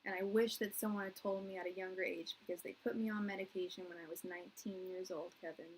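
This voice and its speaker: A woman's voice: mid-range voice, steady tone, fast, rough recording. This is a woman in her thirties doing a live tarot reading in a rambling, earnest way. She restarts her sentences and fills them with "like" while she talks to viewers. A faint background noise sits under her voice. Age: 30s. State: tearing up. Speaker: tarot reader.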